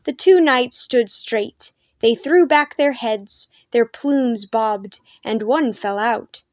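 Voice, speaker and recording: A woman storyteller reading a children's chapter book aloud in a gentle, expressive way. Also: on the high side, slow pace. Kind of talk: storybook read-aloud narration.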